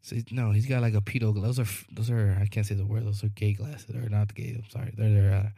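A man rambles through a story on a casual podcast, his low, mellow voice close and dry on the mic. He keeps checking in with "you know what I mean" and acts out the people he describes. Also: little pitch movement, fast talker, no room sound. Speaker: podcast co-host.

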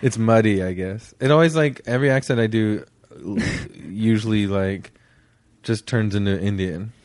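A man's voice: lowish voice, moderate pace, a little mellow, no echo. A man hosting a podcast in casual chat, laid-back and teasing, laughing often. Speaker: podcast host.

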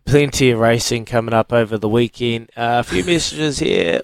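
A man's voice: medium pitch, normal speed, gravelly, no echo. A young man with a New Zealand accent co-hosting a breakfast radio show in chatty, upbeat banter. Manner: upbeat, chatty, laughs easily.

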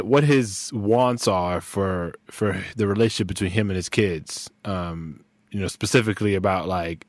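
A man with a fairly low voice hosts a casual podcast chat. He talks in a loose, rambling way with slang and restarts. The sound is dry and close. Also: dry recording. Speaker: podcast host.

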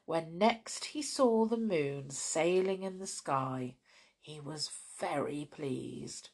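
A woman hosting a children's story podcast, reading storybooks aloud in an expressive, chatty way with soft asides. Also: deep voice, slow pace, husky.

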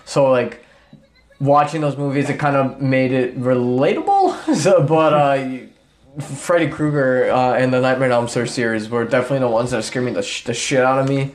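A man chatting casually on a podcast, swearing freely and telling stories with lively energy. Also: mid-range voice, moderate pace. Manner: loose, swearing, animated storytelling. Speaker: podcast co-host. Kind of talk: casual chat.

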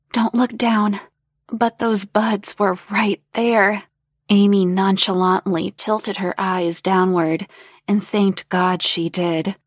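A woman reading a story aloud as narrator in a slow, even, unhurried way. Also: on the low side, dry recording, studio quality.

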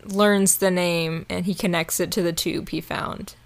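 A woman's voice: on the low side, fairly even intonation, measured pace, vocal fry, a crowd in the background. A woman co-hosting a casual chat, leading a film recap in a chatty way with lots of fillers. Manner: chatty, heavy use of "like", leads the recap. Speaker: podcast co-host.

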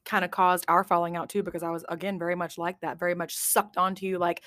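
A woman's voice: lowish voice, quick pace, few pauses, no echo. A woman hosting a podcast in casual chat, blunt and emphatic, swearing freely. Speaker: podcast host.

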